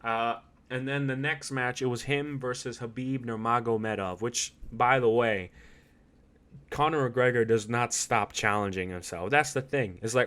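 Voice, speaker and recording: A man hosting a solo podcast, talking in an animated, swearing, laugh-filled way that swings between loud outbursts and low asides. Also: normal speed. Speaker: podcast host.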